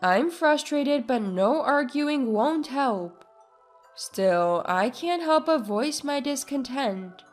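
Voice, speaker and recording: A woman tells a first-person story in a high, clear voice, taking her time over every line. Faint music plays beneath her measured narration. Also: lively intonation.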